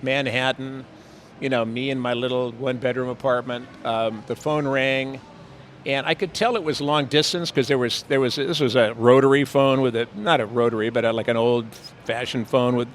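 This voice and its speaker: Older man, mid-pitch, rambling storyteller, fillers, street interview, faint traffic. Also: a bit bright. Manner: rambling, with frequent fillers and playful impressions. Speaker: actor, interview guest. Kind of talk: anecdotal storytelling. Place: outdoors on a city street.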